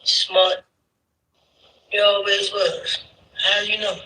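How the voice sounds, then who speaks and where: A man's voice: high voice, monotone, slow, sharp tone, echoey room, distant mic, exaggerated voice, low-quality recording. A blunt accusing street man.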